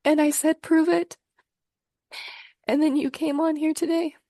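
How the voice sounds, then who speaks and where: A woman's voice: sits high, flat delivery, brisk, mellow, no room sound, studio quality. A woman hosting a spiritual conversation, talking in an effusive, emotional way full of gushing praise. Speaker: host.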